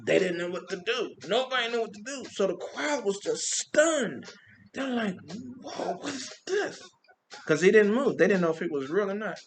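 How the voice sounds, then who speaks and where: A man who works as a street performer, telling animated stories from a parade in a casual monologue, with vocal sound effects. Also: high-pitched, a little fast, few pauses, slight background noise. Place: Compton.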